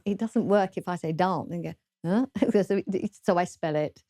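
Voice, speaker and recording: A woman from southern England with a southern English accent, a guest author in an interview, speaking hesitantly with many pauses and restarts. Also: lowish voice, mellow, no echo, studio quality. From southern England, London. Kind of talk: casual interview chat.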